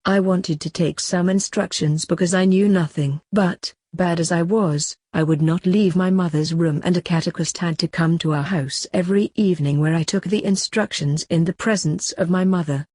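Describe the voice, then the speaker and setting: A woman narrating a saint's autobiography as an audiobook, in a calm, earnest and measured reading. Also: on the low side, dry recording, studio quality.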